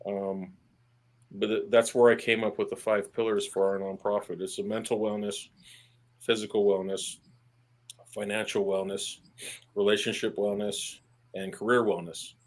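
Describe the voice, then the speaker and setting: A man who is an army veteran, talking candidly as a podcast guest, plain-spoken and earnest, with casual swearing and halting restarts when he stresses a point. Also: lowish voice, level tone. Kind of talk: candid podcast interview conversation.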